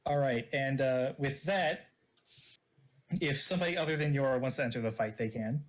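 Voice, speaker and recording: A man's voice: medium pitch, normal speed. A man running a tabletop game as game master, hesitant and full of fillers. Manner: hesitant, many fillers, laughs often.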